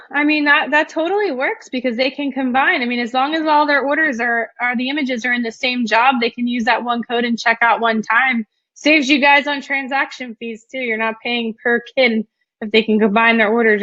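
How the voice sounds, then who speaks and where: A woman's voice: fairly high pitch, sharp tone, no echo, muffled recording. A young woman hosting a casual live webinar, chatty and full of ums and likes as she reads out viewer questions and answers them. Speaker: webinar host.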